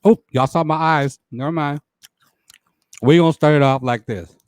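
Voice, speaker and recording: Male stream host, playful and chatty, fairly high voice, dry webcam sound. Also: normal speed, darkish tone, clean tone, no echo. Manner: playful, laughs often, says y'all a lot. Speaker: talk show host. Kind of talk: live stream chat with shout-outs.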